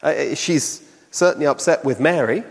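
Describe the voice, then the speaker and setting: A man's voice: a little high, normal speed, slightly rough, big-room sound. A man preaching a sermon in a reflective way, asking many questions.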